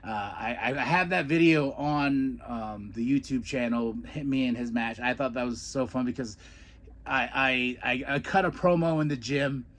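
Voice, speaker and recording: A man's voice: medium pitch, moderate pace, fairly bright tone. A man hosting a podcast, telling old wrestling stories in a rambling way, repeating words and laughing often, then recapping a wrestling show. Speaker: podcast host, former wrestler. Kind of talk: casual storytelling and wrestling recap.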